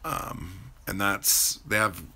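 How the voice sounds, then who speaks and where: A man's voice: lowish voice, takes it slowly, pushed and bright, slight background noise. A man hosting a livestream, rambling casually as he answers viewers' chat and swears freely. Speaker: livestream host.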